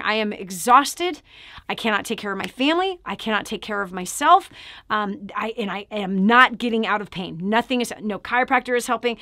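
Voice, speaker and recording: Brief: middle-aged woman host, emphatic testimony to camera, somewhat high voice, dry close sound. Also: dry recording. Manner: emphatic, addresses listener directly; drops to a hushed, near-whispered delivery. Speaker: show host. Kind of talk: personal testimony to viewers.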